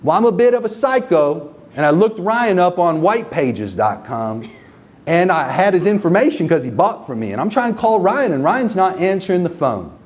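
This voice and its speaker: A marketing agency owner runs a live workshop for a room of business owners, speaking profanely and emphatically. His voice sits high and sounds very animated at a moderate pace, and he keeps checking in with questions like "okay?" and "right?".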